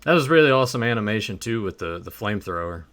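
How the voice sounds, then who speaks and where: Wry Southern podcast co-host. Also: male voice, lowish voice, lively intonation, fast talker, fairly bright tone. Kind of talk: casual chat.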